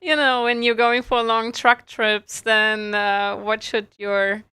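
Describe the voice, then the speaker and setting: Slow-talking bright-voiced woman host. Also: a little high, little pitch movement, clear, resonant tone, no room sound. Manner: chatty, giggly, explains slowly. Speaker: community host. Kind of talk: casual live stream chat.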